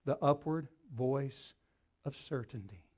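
A man preaching a sermon, asking the congregation rhetorical questions and building to loud, emphatic declarations. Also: medium pitch, expressive, takes it slowly.

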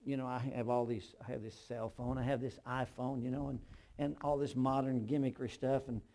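Preaching as pastor, an older man goes from whispered storytelling to loud, emphatic passages and adds humorous asides. He has a medium pitch with little pitch movement and speaks fairly quickly.

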